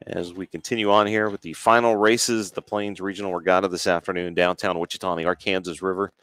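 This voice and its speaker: A man's voice: sits low, little pitch movement, a bit bright, no echo. A man doing play-by-play for a rowing regatta broadcast, easygoing and agreeable. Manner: easygoing, agreeable, fills with quick asides. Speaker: play-by-play commentator. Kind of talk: sports broadcast commentary.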